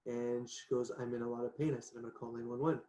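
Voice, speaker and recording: Male guest, mid pitch, animated casual storyteller, echoey video call audio. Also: quick pace. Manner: chatty, animated, laughs often, says "right?" a lot. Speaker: podcast guest. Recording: echoey room.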